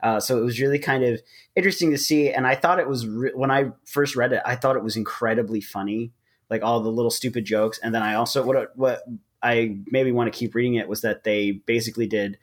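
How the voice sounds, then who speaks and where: A man in the middle of an ordinary pitch range chats casually on a podcast. He rambles, restarts his sentences and fills gaps with "uh" and little laughs. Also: steady tone, a little fast. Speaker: podcast co-host. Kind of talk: casual chat about manga.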